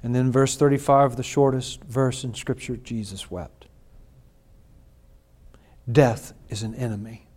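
Delivering a sermon, a male pastor reads from scripture, dropping to quiet, slow passages and then rising to loud, stretched-out emphasis. His voice is medium in pitch and husky, with a flat delivery.

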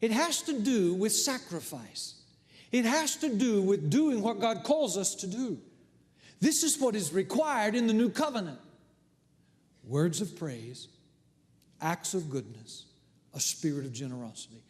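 Casting: middle-aged male pastor, high lively voice, dramatic storyteller, church reverb. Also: unhurried. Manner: animated storytelling, swings from hushed to loud. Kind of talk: sermon. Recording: long hall reverb.

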